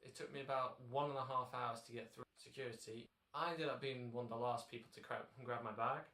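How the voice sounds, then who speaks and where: A man's voice: medium pitch, steady tone, fairly quick, sharp tone, distant mic, slight background noise. Chatty British young man, echoey room. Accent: British English. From Britain. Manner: chatty, dry jokey asides. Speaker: vlogger. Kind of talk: casual vlog narration. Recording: echoey room with background music.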